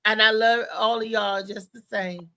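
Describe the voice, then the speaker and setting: Hosting a live talk show, a woman chats casually and rambles through stories amid lots of laughter. Her voice is fairly high and smooth, moving at a moderate pace, and she's an animated storyteller who laughs often.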